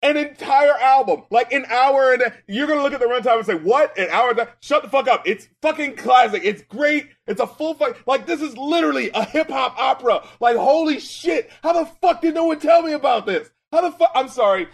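A man with a high-pitched voice co-hosts a casual podcast about hip-hop. He swears constantly and talks in bursts, dropping low and quiet before shouting with excitement. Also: brisk, creaky, few pauses. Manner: excitable and profane, swings from mumbling to shouting. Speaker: podcast co-host, music critic and rapper.

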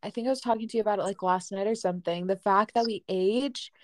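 A young woman hosting a casual podcast, talking in a gentle, reflective way with lots of "like". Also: mid-range voice, fast, no echo, studio quality. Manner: gentle, reflective, uses "like" often. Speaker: podcast host.

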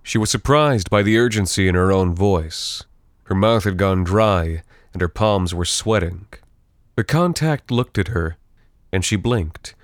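A man narrating scripted fiction in a steady, even storytelling voice. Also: sits low, no room sound, clean studio sound.

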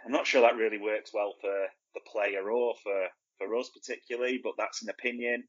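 A man's voice: medium pitch, steady tone, brisk, fairly bright tone, dull audio. A man co-hosting a football podcast in casual chat, blunt and opinionated, asking and answering his own questions. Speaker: podcast co-host.

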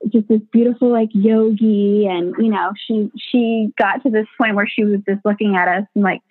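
A woman's voice: medium pitch, normal speed, hardly any pauses, a little hiss or hum. Chatty midwife woman on a tinny line. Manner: animated, acts out quoted voices, many fillers. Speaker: home birth midwife, guest. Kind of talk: casual interview storytelling. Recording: dry, tinny phone-like sound.

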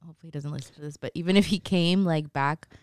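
A woman's voice: deep voice, fast talker, a little mellow, no echo, studio quality. A young adult woman, a podcast guest, talking hesitantly with many fillers in casual chat.

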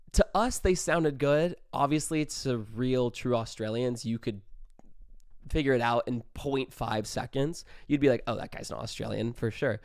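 A young man hosting his own show, telling a profane, animated party story and acting out every quote in his own voice. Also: medium pitch, no room sound, clean studio sound. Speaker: podcast host. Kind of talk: casual storytelling.

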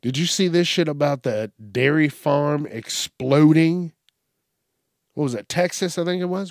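A young man rants on his solo podcast, blunt and full of swearing. His voice sits a little high. The sound is close and dry. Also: a little slow, no echo. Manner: blunt, heavily profane. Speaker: podcast host. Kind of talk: casual solo rant.

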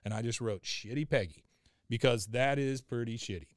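Male podcast host, animated episode recap, clean resonant tone, dry close mic. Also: medium pitch, fairly quick, dry recording. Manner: animated retelling, acts out lines, laughs often. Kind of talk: casual recap of a cartoon episode.

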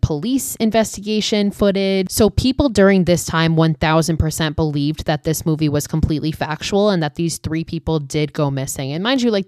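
A woman's voice: deep voice, darkish tone, dry recording, clean studio sound. A young woman casually recapping a horror film, chatty and swearing often, with lots of "like". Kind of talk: casual chat.

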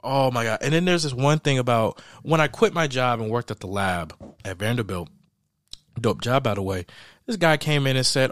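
A young man hosting a podcast, telling a story in an animated, laughing way and acting out the people in it. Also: mid-range voice, normal speed, no room sound, studio quality. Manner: animated, laughing often, acts out quoted people. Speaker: podcast host. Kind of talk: casual storytelling chat.

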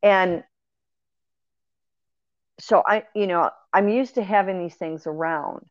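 Speaking slowly in a fairly low voice, a woman earnestly describes paranormal experiences she's had. The casual, rambling storytelling includes fillers and restarts, and the lo-fi recording is dull and dry with no echo.

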